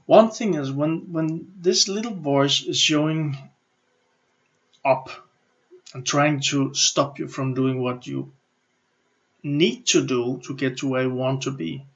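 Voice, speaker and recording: A middle-aged man with a Danish accent gives a motivational coaching lesson. He talks in an animated way, acts out inner thoughts and often restarts his sentences. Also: medium pitch, takes it slowly, pauses often. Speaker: business and personal development coach. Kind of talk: motivational teaching talk. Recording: slightly muffled lo-fi audio.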